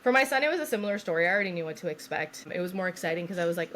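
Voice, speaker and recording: Animated young woman telling a story. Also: lowish voice, rapid-fire, a little hiss or hum. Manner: animated, swears freely, acts out quotes. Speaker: podcast co-host. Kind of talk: casual storytelling chat.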